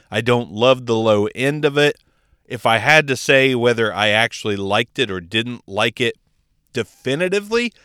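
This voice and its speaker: A man's voice: medium pitch, bright, forceful tone, clear, resonant tone, no room sound. A man giving a casual, opinionated tutorial on podcast gear, speaking close into a microphone. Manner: opinionated, chatty, enthusiastic. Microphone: speaking into a close dynamic microphone.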